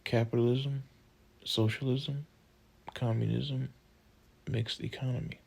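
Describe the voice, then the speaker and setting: Male textbook audiobook narrator, measured delivery, heavy vocal fry, husky tone. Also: mid-range voice, steady tone, a little mellow, poor audio. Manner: slow, measured reading of list items.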